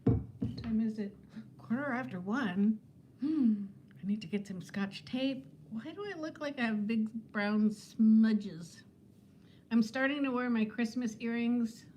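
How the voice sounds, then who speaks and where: A woman's voice: a little high, a little slow, mellow, slight background noise. A woman in her fifties who is a weight-loss vlogger, chatting casually with viewers on a livestream in a rambling way and laughing often. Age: 50s.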